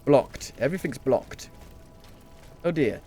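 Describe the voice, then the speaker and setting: A man's voice: medium pitch, animated, slow, dark tone, soft background music. A man giving casual, jokey live commentary while playing a video game, often muttering to himself. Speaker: gameplay streamer.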